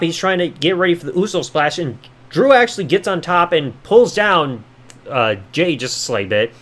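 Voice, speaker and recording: A male podcast host recapping a show in casual commentary, sarcastic and offhand, with some swearing. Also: high-pitched.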